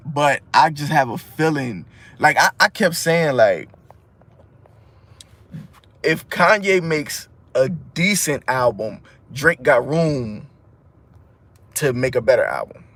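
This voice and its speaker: A man's voice: mid-range voice, expressive, unhurried, fairly bright tone. A man giving a casual, rambling music review monologue, full of slang, restarts and fillers.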